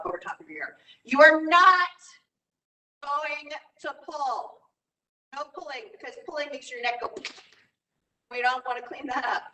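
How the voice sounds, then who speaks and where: Bright, playful woman far from the mic. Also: high-pitched. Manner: playful, loud and laughing often. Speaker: theatre teaching artist. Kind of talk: leading clown warm-ups on a video call. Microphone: laptop camera mic from a few steps away. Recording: echoey room, far from the mic.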